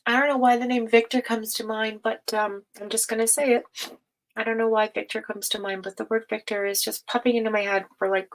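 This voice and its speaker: A woman hosting a tarot reading livestream, talking casually and affectionately to viewers, with many fillers, sighs and soft laughs. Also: fairly high pitch, little pitch movement, brisk, low-quality recording. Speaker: tarot reader and livestream host.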